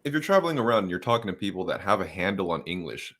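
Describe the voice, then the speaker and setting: A man's voice: low voice, sing-song, racing, crowd noise. A man co-hosting a casual podcast chat, blunt and profane, laughing easily as he talks. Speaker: podcast co-host.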